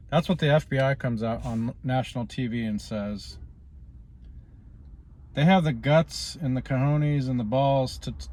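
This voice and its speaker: A man rambles casually in a vlog, drifting from politics into personal matters and stalling frequently on "you know." His darkish, medium-pitched voice moves at a measured pace with frequent pauses, over slight background noise.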